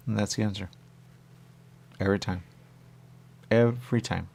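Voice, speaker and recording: A man's voice: lowish voice, fairly even intonation, normal speed, creaky, a little mellow. A man hosting a radio show, chatting casually and rambling to himself as he plays a game. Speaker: radio host.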